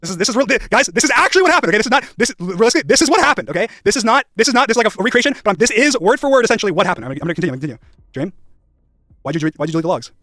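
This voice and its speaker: Fast-talking young man ranting on stream. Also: sits high, sing-song, a bit bright, no room sound, studio quality. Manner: rambling, emphatic, swears often, acts out past conversations. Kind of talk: casual live-stream rant.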